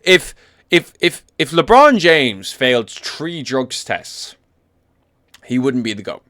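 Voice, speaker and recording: A man's voice: medium pitch, big pitch swings, slow pace, bright, forceful tone, dry recording, clean studio sound. A young Irish man from Ireland ranting about fighters as an MMA commentator, blunt and full of swearing and repetition. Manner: blunt, profane, emphatic repetition. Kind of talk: casual opinion rant.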